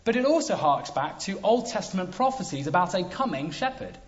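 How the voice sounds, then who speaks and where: A man preaching a sermon, emphatic, with dramatic pauses. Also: high-pitched, very animated. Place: church hall. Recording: dull lo-fi sound.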